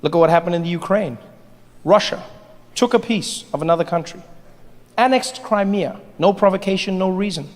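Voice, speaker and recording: A man performing a stand-up comedy set, animated and playful, on a large theater stage. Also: high-pitched, moderate pace. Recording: long hall reverb, faint noise.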